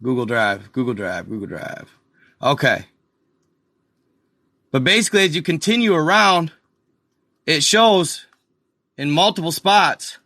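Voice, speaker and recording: Man, live-stream host, slow rambling talk, y'all to viewers, exasperated mutters, bright voice, dry close sound. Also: fairly high pitch, animated, no echo. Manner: exasperated asides, mutters to himself. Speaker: channel host. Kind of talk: casual live-stream commentary over a map.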